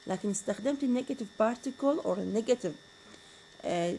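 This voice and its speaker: A woman's voice: fairly high pitch, a little mellow, a little hiss or hum, poor audio. Woman lecturing on grammar. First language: Arabic. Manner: switches between English and Arabic, asks rhetorical questions. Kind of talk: university lecture.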